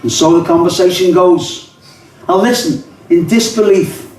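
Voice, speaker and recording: An older man with a Liverpool accent reads rhyming poems to a pub audience, mixing chatty asides into the verse. His voice sits fairly high. It is heard from a distance with heavy room echo. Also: moderate pace, darkish tone, a little hiss or hum. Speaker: poet and songwriter. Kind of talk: live poetry reading. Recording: echoey pub, mic far off.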